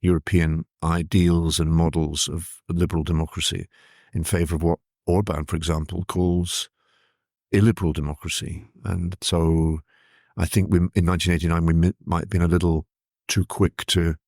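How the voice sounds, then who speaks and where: Older male journalist guest, very low voice, dry close sound, reflective storyteller. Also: level tone, moderate pace, a little mellow, no echo. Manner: thoughtful, vivid recollection with hesitant restarts.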